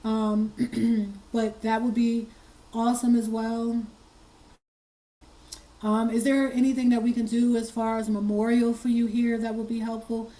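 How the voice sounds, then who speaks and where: Hoarse, choked-up woman host. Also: fairly high pitch, level tone, a little slow, pauses often, mellow, low-quality recording. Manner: earnest, choked up, repeats herself. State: hoarse, fighting tears. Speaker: commentary channel host. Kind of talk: emotional commentary.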